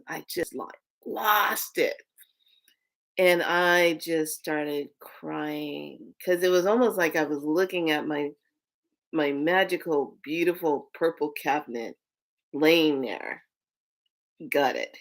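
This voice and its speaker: A woman's voice: low voice, takes it slowly. A woman vlogger telling a personal story in a candid, emotional way, swearing freely.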